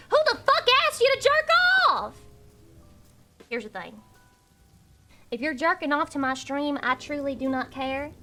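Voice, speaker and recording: A woman's voice: sits high, bright, forceful tone. A young woman streaming live, chatting with her viewers in a profane, teasing rant while underslept. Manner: profane, ranting, teasing chat. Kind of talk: casual livestream chat.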